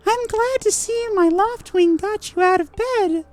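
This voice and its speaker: A man's voice: very high-pitched, unhurried, darkish tone, pitched above the performer's own voice. Zelda, a sweet young girl, as a man puts her on. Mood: gushing.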